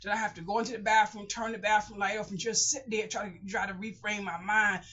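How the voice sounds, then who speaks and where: A woman's voice: mid-range voice, fairly even intonation, fast, fairly bright tone. A woman talking candidly in a personal vlog, blunt and emotional, rambling and repeating herself. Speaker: vlogger. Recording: dull lo-fi audio.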